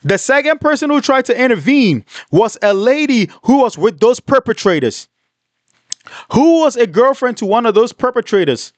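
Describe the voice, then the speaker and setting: A man hosting a livestream, reading comments and telling a story in an animated, repetitive, indignant way. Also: very high-pitched, moderate pace, no room sound. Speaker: livestream host.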